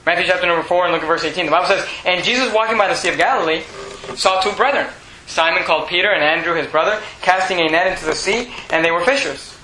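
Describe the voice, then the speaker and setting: Emphatic preacher with a bright, high voice. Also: male voice, fast. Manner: emphatic, rising to loud bursts. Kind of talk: sermon. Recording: echoey room, faint hum.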